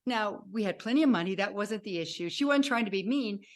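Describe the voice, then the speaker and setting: A woman in her sixties, a podcast guest telling her life story in an animated way and acting out remembered dialogue. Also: medium pitch, fairly quick. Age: 60s. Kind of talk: personal storytelling.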